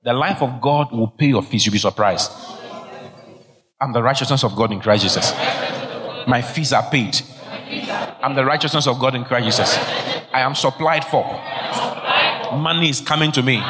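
Emphatic preacher in a reverberant hall. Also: male voice, medium pitch, normal speed, long pauses, crowd noise. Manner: emphatic, exhorting, repeats key phrases. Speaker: pastor. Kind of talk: sermon.

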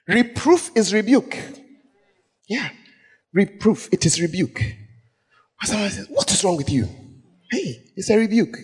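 A man preaching a lively sermon, laughing often and acting out the scripture passages he quotes. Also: sits high, breathy edge. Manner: animated, laughing, acts out quotes. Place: church hall. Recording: echoey church hall.

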